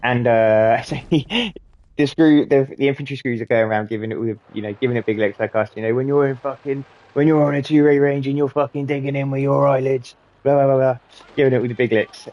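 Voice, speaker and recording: A man's voice: mid-range voice, fairly even intonation, fairly quick, no room sound, muffled recording. A young man swearing freely and laughing as he tells rambling stories while gaming. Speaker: gaming channel host. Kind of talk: casual storytelling while gaming.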